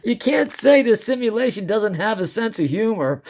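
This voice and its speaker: This man sounds high and darkish as he films the moon as an amateur and talks over his own footage. He rambles casually and excitedly, starting over now and then and frequently giggling.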